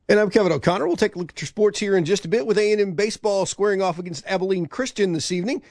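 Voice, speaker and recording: A man's voice: high voice, racing, darkish tone, dry recording. A man working as a radio sports anchor, previewing the games and trading wry remarks with the host. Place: radio studio.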